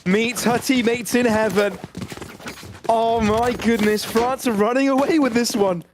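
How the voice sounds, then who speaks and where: An esports caster giving expressive live color commentary with quick reactions. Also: mid-range voice, background noise.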